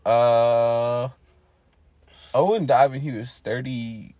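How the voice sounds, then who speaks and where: A man's voice: medium pitch, steady tone, slow, dark tone, no echo. A man co-hosting a casual wrestling podcast, recapping matches blow by blow with many fillers. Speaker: podcast co-host.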